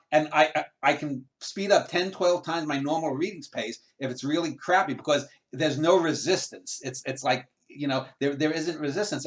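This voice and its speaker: A man hosting a video-call interview, asking questions in a halting, casual way full of uh fillers. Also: a little high. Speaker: interviewer host.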